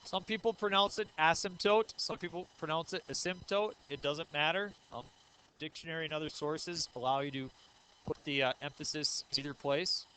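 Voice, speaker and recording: A man in his thirties teaches a math lesson in a slightly high, very bright voice. He works through each step and keeps asking the class questions, with frequent 'uh' and 'um'. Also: steady tone, a little fast, clear, resonant tone, poor audio. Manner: says 'uh' and 'um' often. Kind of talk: recorded math lecture.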